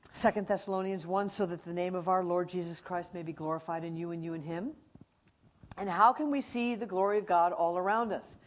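A middle-aged woman teaching from the Bible, telling stories with energy and acting out animals and friends. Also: on the low side.

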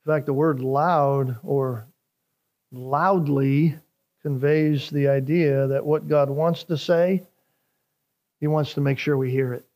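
Pastor, man, sermon delivery; unhurried, earnest, builds to emphatic peaks, some repeats. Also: fairly high pitch, fairly even intonation, darkish tone. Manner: earnest preaching, rising in emphasis on scripture.

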